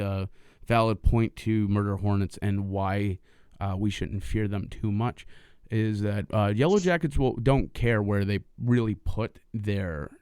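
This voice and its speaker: A man's voice: on the low side, darkish tone, smooth, no room sound, clean studio sound. A man co-hosting a casual podcast, rambling with lots of ums and uhs. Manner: rambling, filler-heavy, laughs easily. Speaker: podcast co-host.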